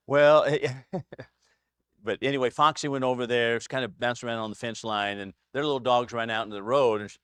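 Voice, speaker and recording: A man leads an informal Bible class in a church room, mid-pitched and easygoing. He drifts into anecdotes and chuckles often between points. His voice sounds dry and close, with little room around it. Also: clean tone, no room sound. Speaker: Bible study teacher. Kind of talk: casual Bible class teaching. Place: church classroom with a small group.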